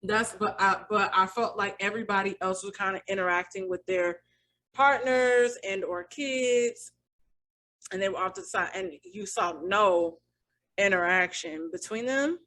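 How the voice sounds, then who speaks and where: Chatty woman cohost, bright sharp voice, keeps restarting her sentences. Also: mid-range voice, measured pace. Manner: chatty, thinks aloud with restarts. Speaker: podcast co-host. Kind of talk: casual chat.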